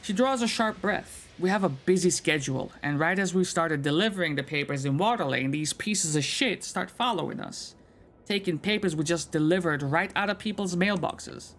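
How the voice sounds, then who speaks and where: A man voicing an indignant young woman activist with a sharp manner. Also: high voice, normal speed.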